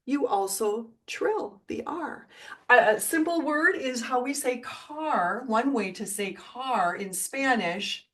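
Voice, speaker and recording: A middle-aged woman teaching a video lesson, encouraging and repeating words slowly for learners, now and then singing along. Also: fairly high pitch. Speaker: Spanish teacher.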